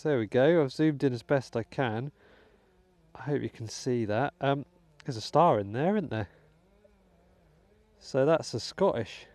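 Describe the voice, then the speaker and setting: A British man talks his viewers through a dig in a rainy field, chatty and easygoing with little muttered asides. His voice is mellow and relaxed, and the sound is close and dry. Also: medium pitch, no echo. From United Kingdom. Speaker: metal detecting channel host. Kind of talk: casual vlog commentary while digging. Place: outdoors in a wet field.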